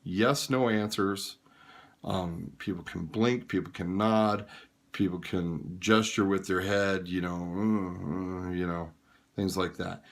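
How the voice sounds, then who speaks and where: Man, low-voiced, plain-spoken advisor; tired, frank, informal delivery of practical care advice. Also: fairly even intonation, slow. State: tired and yawning.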